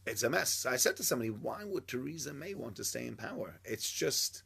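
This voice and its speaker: A man's voice: mid-range voice, lively intonation, brisk, creaky, pushed and bright, breathy edge. A man giving an informal Torah class, chatty and joking with his listeners. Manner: chatty, jokey, banters with listeners. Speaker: Torah teacher.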